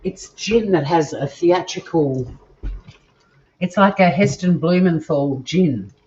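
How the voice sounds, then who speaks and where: A woman's voice: lowish voice, slow pace, a little mellow, muffled recording. An Australian woman hosting a live cooking stream from her home kitchen, chatting to viewers in a bubbly way as she cooks. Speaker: cooking show host.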